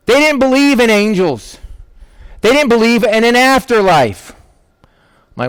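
A man's voice: high voice, expressive, moderate pace, no room sound. A male pastor preaching an informal sermon, acting out Bible characters in casual modern speech. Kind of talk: conversational sermon.

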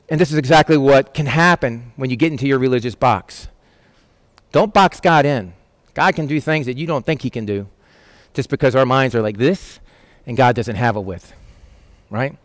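A man's voice: mid-range voice, normal speed, dry recording. A man teaching on a Bible passage in a conversational way, asking rhetorical questions and acting out quoted voices. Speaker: preacher.

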